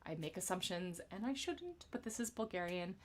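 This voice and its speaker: A woman voice teacher leading a live-streamed vocal warm-up, singing slow phrases and explaining them in quick, chatty asides to viewers. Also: lowish voice, big pitch swings, background noise. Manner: greets viewers by name from the chat.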